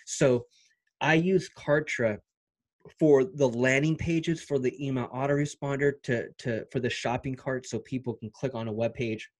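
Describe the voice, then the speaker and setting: Man, young adult, middle pitch, hyped motivational vlog, slangy, repeats phrases. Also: fairly even intonation, moderate pace. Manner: fired-up, repetitive, slangy pep talk. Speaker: online marketing vlogger. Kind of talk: energetic motivational vlog talk.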